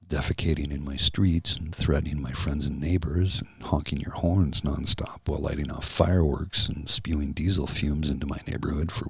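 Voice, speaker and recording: Very deep gravelly man, soft ASMR chat. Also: no echo, studio quality. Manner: slow, earnest and heartfelt, addressing viewers by name. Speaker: livestream host.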